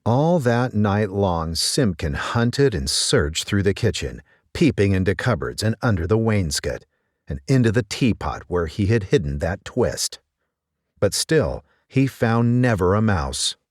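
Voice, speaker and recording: Lively low-voiced male storyteller. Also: unhurried, no room sound, clean studio sound. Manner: lively, expressive, gentle. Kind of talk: storybook reading aloud.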